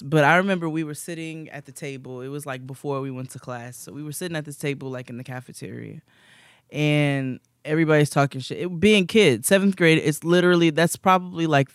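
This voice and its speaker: A young man, a podcast co-host, telling rambling, animated stories in casual chat and laughing often. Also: medium pitch, clean tone, no room sound, studio quality.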